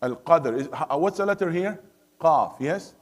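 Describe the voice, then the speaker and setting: A man teaching a Quran study circle in a mosque classroom, his voice sitting a little high. He moves between English and Arabic and checks in with the class through constant questions. Now and then he recites verses in a melodic chant. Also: animated, measured pace.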